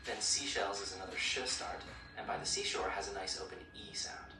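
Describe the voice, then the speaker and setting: A synthetic male voice assistant coaching pronunciation in an upbeat, encouraging way with even-paced explanations. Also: low-pitched, a little fast, music in the background. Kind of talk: friendly coaching chat. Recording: roomy, distant speaker playback with clear noise.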